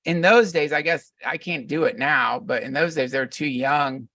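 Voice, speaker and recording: A man's voice: fairly high pitch, normal speed, sharp tone, no room sound, far from the mic. A middle-aged man talking as a podcast guest, reflective and meandering, often restarting his sentences. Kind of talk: casual conversation.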